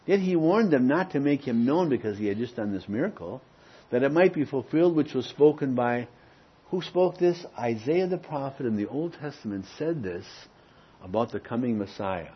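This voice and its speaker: A man preaching a teaching sermon, often checking in with "Okay?" and pressing key words before dropping low and quiet. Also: animated, normal speed, slightly rough, lo-fi sound. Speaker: pastor.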